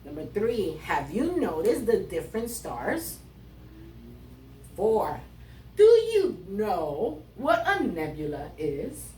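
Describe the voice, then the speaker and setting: A woman teaching a third grade class, reading riddles aloud with animated emphasis. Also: mid-range voice, slow pace, distant mic, slight background noise. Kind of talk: classroom lesson. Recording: roomy sound from away from the mic, faint ambience.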